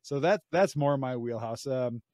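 A man's voice: mid-range voice, moderate pace, dark tone, dry recording, studio quality. An American man hosting a casual podcast chat, talking hesitantly with many restarts. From United States. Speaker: podcast host.

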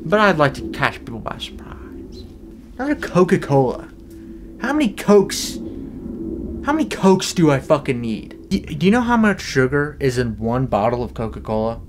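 A young man in a deadpan, rambling comedic monologue, swearing freely as he goes. His voice sits at an ordinary middle pitch, with a dry, offhand delivery. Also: normal speed, noisy background. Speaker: vlogger. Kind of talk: comedic sticker review vlog.

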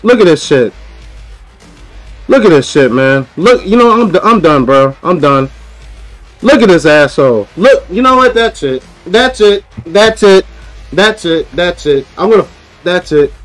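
Aggravated man streamer, high voice, profane repetitive gameplay rant. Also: lively intonation, a little slow, no echo, soft background music, rough recording. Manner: frustrated ranting, repeats himself, profane. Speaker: gaming streamer. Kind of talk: live gameplay commentary.

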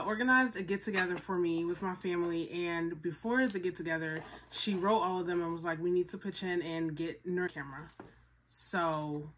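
A young woman from Philadelphia excitedly unboxing on her vlog, repeating herself and stumbling over her words. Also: fairly low pitch, background noise. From Philadelphia, USA. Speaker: vlogger.

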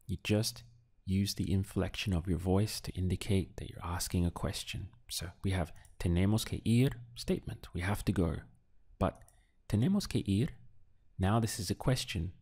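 A man in a recorded lesson, patient and deliberate, pausing for the learner to answer. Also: deep voice, fairly even intonation, a little mellow, slightly rough. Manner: slow, patient drills with pauses for the learner. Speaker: language teacher.

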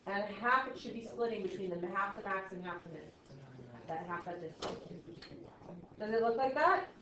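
A woman math teacher lectures her class in a mid-range voice at a moderate pace, chatty and self-deprecating, quizzing students as she works. The recording is roomy and dull, lo-fi with faint noise.

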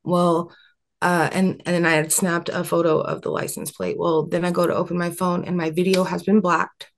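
Gravelly woman telling an earnest story. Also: on the low side, little pitch movement, moderate pace, a little hiss or hum. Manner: rambling, earnest, many fillers and restarts. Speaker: interview guest. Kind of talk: candid storytelling interview.

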